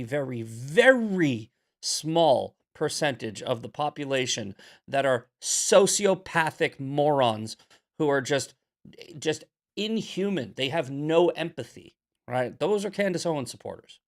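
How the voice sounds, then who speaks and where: An American man hosting a political commentary show, talking in a heated, preachy way, swearing and repeating himself for emphasis. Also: a little high.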